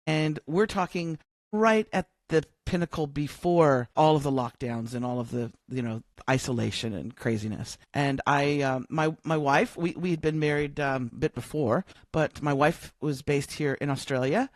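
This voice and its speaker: A woman's voice: low-pitched, moderate pace, dry recording. A middle-aged woman who is a coach and podcast guest, telling a story in casual interview talk and acting out the dialogue as she goes. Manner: lively storyteller who acts out quoted dialogue. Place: home, living in Australia.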